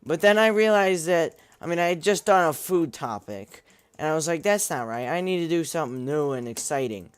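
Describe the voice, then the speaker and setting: Young guy rambling goofy about his game, kinda high voice, keyboard clacking behind. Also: animated, a little fast, smooth. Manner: goofy, rambling, lots of restarts and self-mocking asides. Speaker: gaming vlogger. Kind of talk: rambling casual gameplay commentary.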